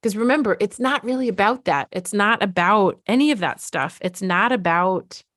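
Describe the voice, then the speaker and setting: A woman's voice: mid-range voice, moderate pace, a bit bright, no room sound, clean studio sound. A middle-aged woman talking candidly to parents as a parenting coach, casual and frank, swearing freely.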